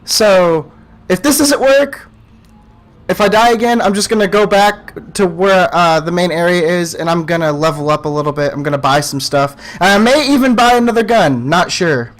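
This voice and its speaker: High-pitched, screaming young gamer guy. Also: moderate pace. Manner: screams and yelps in panic, then talks calmly. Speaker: gamer playing a horror game. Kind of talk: let's play commentary.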